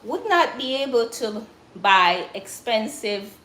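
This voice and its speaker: Jamaican woman hosting a cooking live stream; encouraging, calls everyone guys; slightly high voice, echoey room. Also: lively intonation, takes it slowly, a bit bright. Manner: chatty, encouraging, addresses viewers as guys. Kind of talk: casual live-stream chat while cooking.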